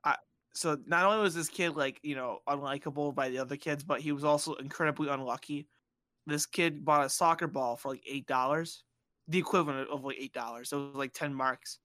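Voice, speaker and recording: A man from Bosnia, the podcast host, casually telling a childhood story and acting out the people in it with squeaky voices. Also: fairly quick, no room sound. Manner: animated, acts out quoted voices in high squeals.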